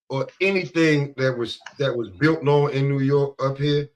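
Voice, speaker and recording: The clip catches a man co-hosting a sports podcast, trash-talking casually with rambling, profane rants and lots of "bro." His mid-range voice stays fairly even at normal speed. The recording is rough, with slight background noise.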